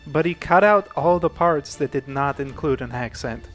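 A man's voice: a little high, moderate pace, soft background music, close to an everyday voice. A man voicing a young adult daughter with a thick mock foreign accent and broken English, playful and giggly.

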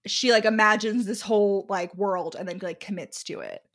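A woman's voice: medium pitch, moderate pace, fairly bright tone. Easygoing young woman podcast co-host. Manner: laughing, filler-heavy, easygoing. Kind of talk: casual chat discussing a romance book.

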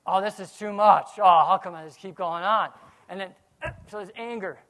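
A man, a pastor, preaching a sermon, swinging from quiet asides to loud outbursts. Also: high voice, normal speed.

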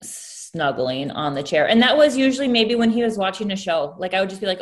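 A woman's voice: medium pitch, animated, a little fast, few pauses. A young woman speaking candidly in a casual conversation, open and emotional as she recalls early motherhood. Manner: candid, emotional, tearful at times.

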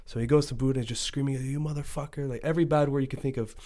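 A man with a mid-range voice talks quickly and eagerly, spinning a story in a loose, conversational way. He drops casual swear words as he goes. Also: medium pitch, steady tone, dark tone. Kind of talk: casual podcast chat, storytelling.

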